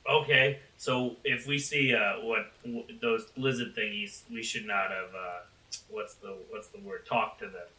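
A man playing a tabletop game with friends, excitable and laughing often, swearing casually. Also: fairly low pitch, a little slow, reverberant, distant mic, rough recording. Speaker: player.

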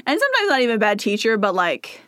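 A woman's voice: a little high, wildly swooping pitch, fast, fairly bright tone, no room sound. A woman co-hosting a podcast, chatting casually, laughing often and reading listener mail aloud. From United States. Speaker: podcast co-host.

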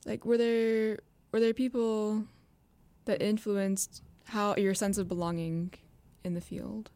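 A woman's voice: medium pitch, level tone, takes it slowly, dark tone, dry recording. A woman interviewing a guest, asking probing questions and giving short affirmations. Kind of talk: conversational interview.

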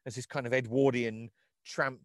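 A middle-aged man co-hosting a casual podcast about film history, a chatty and animated storyteller. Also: medium pitch, normal speed, no echo, clean studio sound. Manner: chatty, animated storyteller who reads quotes aloud with gusto. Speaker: podcast co-host.

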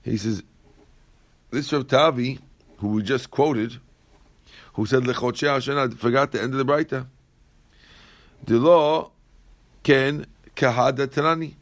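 A man teaching a Talmud class in a dry, close recording. He reads each Aramaic line and then explains it in plain English, and he often repeats phrases as he works through the text. His pitch sits in an ordinary middle range. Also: unhurried, pauses often, no room sound.

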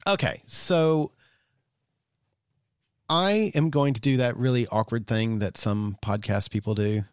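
A man's voice: mid-range voice, unhurried, clear, resonant tone, dry recording, clean studio sound. An American man co-hosting a podcast, joking playfully and stumbling over fillers. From United States. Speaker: podcast co-host. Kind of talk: casual podcast chat.

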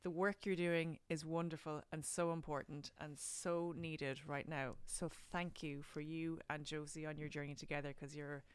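A woman's voice: low voice, flat delivery, normal speed, hardly any pauses, clean tone, no room sound. Effusive Irish woman podcast host. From Ireland. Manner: warm, effusive, grateful. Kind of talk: casual interview chat.

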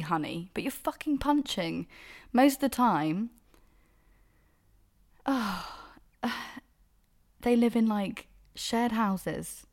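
A young Englishwoman talks alone into a podcast mic, pitch sitting at an ordinary middle height. She tells her stories bluntly and swears freely. Her tone carries an exasperated, eye-rolling candour. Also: lively intonation, a little slow, long pauses, darkish tone. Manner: candid, sweary, exasperated storytelling. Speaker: podcast host. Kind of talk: solo podcast monologue.

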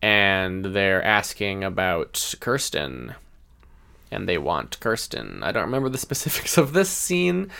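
A man's voice: sits low, a little slow, vocal fry, clear, resonant tone. Chatty man co-hosting a movie podcast. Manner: chatty, lively retelling of scenes. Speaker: podcast co-host. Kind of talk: casual movie-review chat.

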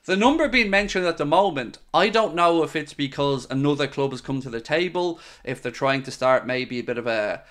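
A man's voice: fairly high pitch, lively intonation, fairly quick, hardly any pauses, fairly bright tone. A man hosting a casual livestream, talking in a chatty, conversational way with loose restarts. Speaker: podcast host.

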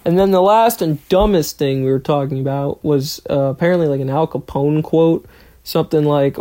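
A young adult holds a solo podcast chat in an easy, middle-pitched voice. The talk rambles from story to story. Quoted lines get played out in silly voices. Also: animated, fairly quick, mellow. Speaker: podcast host, trainee pilot. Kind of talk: casual solo podcast monologue.

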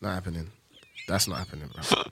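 A young man, chatting casually on a podcast, slangy and quick to laugh loudly. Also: low voice, a little hiss or hum. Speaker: podcast co-host. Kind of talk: casual chat.

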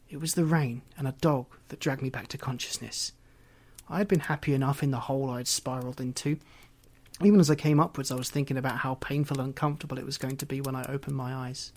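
A man's voice: mid-range voice, fairly even intonation, fast, a little hiss or hum. A man reading a first-person story aloud in a reflective way. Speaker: narrator. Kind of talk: audiobook reading.

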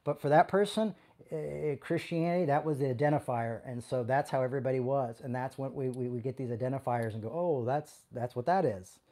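A man's voice: mid-range voice, fast, mellow. A man giving a conversational sermon as a pastor, speaking with passion and often restarting and stumbling over his words.

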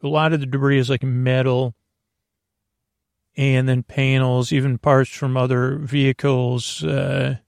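A man narrating as game master in a tabletop game, halting with frequent fillers and restarts. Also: medium pitch, flat delivery, vocal fry, dry recording, clean studio sound.

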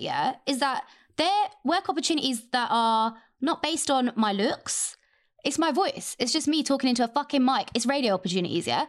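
A woman in her thirties talking bluntly and emphatically as a podcast host. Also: a little high. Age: 30s. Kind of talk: casual chat.

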